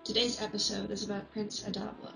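A woman's voice: mid-range voice, little pitch movement, a little fast, gravelly. A woman hosting a podcast, reading an upbeat scripted intro. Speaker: podcast host. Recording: echoey room over music.

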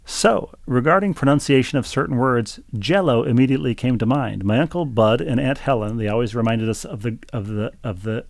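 A man with a gravelly, fry-edged voice co-hosts a chatty podcast. He reads listener mail aloud with dry humor and stumbles over repeated words. His voice sounds close and dry. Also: mid-range voice, a little fast, hardly any pauses, no room sound. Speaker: podcast co-host. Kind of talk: casual chat, reading listener mail.

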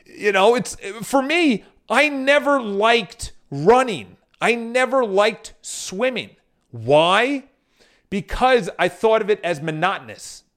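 A man with a somewhat high voice talks straight to his viewers in a casual motivational monologue. He tells stories loosely, restarting often and dropping in the odd swear word. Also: animated, takes it slowly, fairly bright tone. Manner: addresses viewers directly. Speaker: motivational speaker.

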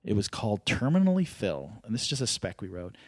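A man's voice: fairly low pitch, sing-song, fast, no room sound. A middle-aged man and screenwriter, telling comic stories casually as a podcast guest and laughing through them.

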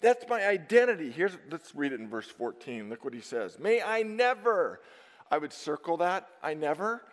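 A man preaching a sermon to his congregation, emphatic and dynamic, swinging from loud stresses down to hushed asides. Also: on the high side, big pitch swings, normal speed. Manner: emphatic, dynamic preaching with sudden drops to near-whisper. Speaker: pastor. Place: church sanctuary. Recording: long reverb of a church sanctuary.

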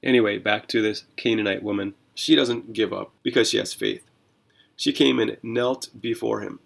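A man hosting a Bible reading podcast as a pastor, talking through scripture in a conversational, animated way with rhetorical questions. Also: fairly low pitch, moderate pace, creaky.

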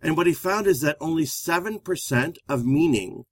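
A man's voice: a little high, animated, moderate pace, husky, no room sound. A man co-hosting a relationship advice talk, a therapist who explains things steadily and speaks straight to the listeners. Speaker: therapist and co-host. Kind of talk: conversational relationship advice show.

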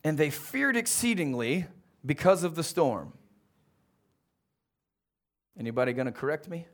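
A man preaching a sermon as pastor, animated, who keeps throwing questions out to his congregation. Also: a little high, unhurried.

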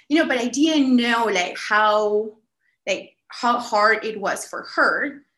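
A woman telling a story casually on a podcast, animated and full of "like" fillers. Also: on the high side, slow. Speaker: podcast guest. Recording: echoey room.

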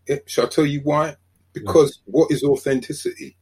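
An older man with a South London accent, a sociologist guest on a podcast, telling lively stories and acting out quoted dialogue. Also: on the high side, moderate pace, husky. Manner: animated storyteller, acts out quoted dialogue. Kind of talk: conversational podcast interview.

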